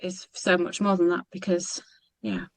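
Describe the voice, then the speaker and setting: A woman's voice: lowish voice, flat delivery, no echo. A British woman speaks on a group coaching call, exhausted and running in circles. Her talk halts and restarts, and she keeps putting herself down. The sound is dry, with no room around it. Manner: halting, rambling, self-deprecating. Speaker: mentorship member.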